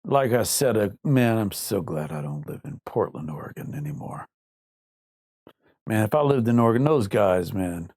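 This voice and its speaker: With a lowish, expressive, darkish voice and a moderate pace, a livestream host rambles casually and reads viewer comments aloud. He keeps it conversational and drops into mock voices now and then, recorded in clean studio sound without echo.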